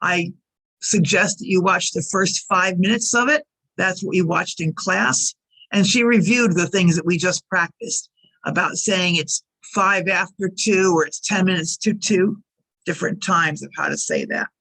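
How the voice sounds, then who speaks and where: Lady teaching english, says each phrase slow and repeats it for learners. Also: fairly low pitch, fairly bright tone, husky. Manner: careful, repeats example sentences for learners. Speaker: ESL teacher. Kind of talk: slow clear teaching narration.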